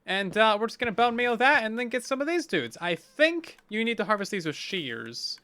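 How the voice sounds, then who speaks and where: A man's voice: high voice, big pitch swings, moderate pace, sharp tone, clear, resonant tone, no echo. A man hosting a game let's play, talking in upbeat, chatty commentary with dry sarcastic jokes. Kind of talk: casual gameplay commentary.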